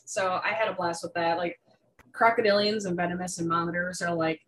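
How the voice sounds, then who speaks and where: Young female guest, lower voice, chatty, excitable, many "um"s and restarts. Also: a little fast, low-quality recording. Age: young adult. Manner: chatty, full of fillers and restarts; enthusiastic about reptiles. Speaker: guest artist. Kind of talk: casual interview chat.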